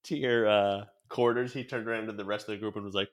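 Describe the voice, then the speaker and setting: A man's voice: lowish voice, steady tone, quick pace. A man co-hosting a casual podcast, joking and teasing his co-hosts. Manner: joking, teasing, laughs a lot. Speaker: podcast co-host.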